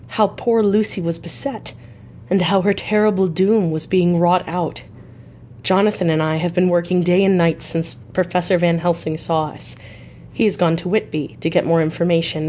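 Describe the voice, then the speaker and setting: A woman's voice: fairly low pitch, dark tone, slight background noise, natural voice. A woman reading an earnest, resolute young wife. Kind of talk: audiobook reading.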